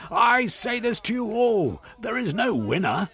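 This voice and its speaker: A man doing a shrill, shouting villainous lord. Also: very animated, measured pace, faint music behind, heavily acted. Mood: furious. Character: villainous aristocratic male lord, furious.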